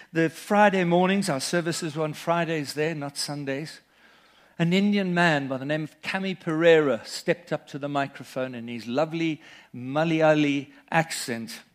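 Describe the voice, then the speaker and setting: Middle-aged male pastor, earnest sermon delivery, voice sits a little high. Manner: earnest preaching, reads scripture aloud and tells personal stories.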